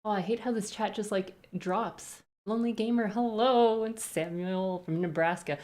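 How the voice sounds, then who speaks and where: A woman's voice: medium pitch, moderate pace, a little mellow. A woman streamer chatting casually on a live stream, greeting viewers one by one with rambling asides.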